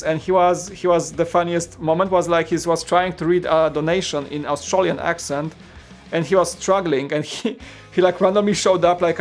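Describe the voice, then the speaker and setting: A man chats casually on a livestream, rambling and stopping to read out viewer comments. His voice sits a little high for a man. Soft guitar music plays faintly underneath. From Poland. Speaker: host.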